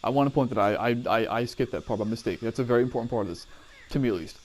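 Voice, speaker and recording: A man's voice: mid-range voice, very fast, darkish tone. A man telling a personal story casually, rambling, cursing and often correcting himself.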